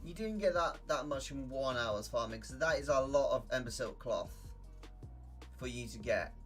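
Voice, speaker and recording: A man's voice: medium pitch, expressive, moderate pace, fairly bright tone, faint music behind. A young man chatting casually on a game stream, laughing often and swearing freely. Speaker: live-streaming gamer.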